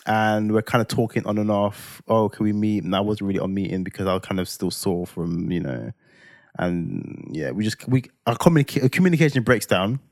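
A young man tells a story with a low voice and a dramatic, animated delivery full of slang tags. The sound is close and dry, with no room around it. It plays as casual podcast talk. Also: brisk, dry recording. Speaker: podcast co-host.

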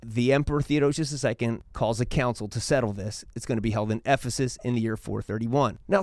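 A man giving a casual, lecture-style talk on church history, telling it as a lively story with quick changes of tone. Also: no room sound, clean studio sound. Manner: animated storytelling, acts out quotes with shifting pitch.

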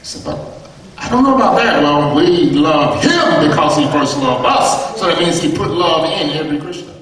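Guy preaching, pitch a bit up, big echoey church sound, mic kinda far off. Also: animated, normal speed, fairly bright tone. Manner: emphatic preaching with rising repeated phrases and questions to the congregation. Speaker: pastor. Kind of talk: sermon. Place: church sanctuary. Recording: echoey church heard from a distance.

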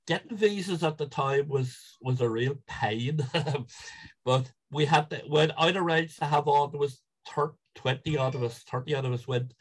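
A man's voice: medium pitch, poor audio. A middle-aged Irish man telling stories in casual chat, rambling with many restarts and chuckles. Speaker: guest, football supporter. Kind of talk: casual storytelling.

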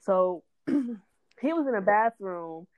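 A woman's voice: mid-range voice, animated, slow, no echo, narrow, tinny audio. A young adult woman talks in a loose, slangy way and laughs often. Her storytelling is full of profanity. She is recorded close to the mic, with no room sound. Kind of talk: casual chat.

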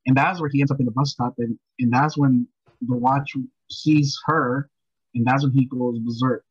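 A man's voice: mid-range voice, steady tone, normal speed, husky, dry recording, highs cut off. A man chatting casually about a film, rambling with restarts and a sympathetic tone.

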